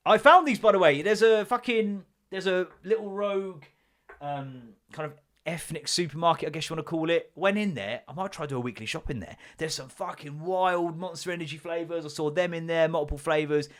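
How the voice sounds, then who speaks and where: A man's voice: fairly high pitch, fairly quick. A man in his thirties hosting a casual solo podcast, telling stories in a sweary, jokey way and slipping into mock voices. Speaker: podcast host.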